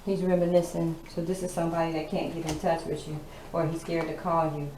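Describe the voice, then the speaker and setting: A woman with a low, warm voice that barely rises or falls talks a little quickly while doing a casual tarot reading. She's blunt and sassy, swearing plenty. The room is echoey, with noise in the background.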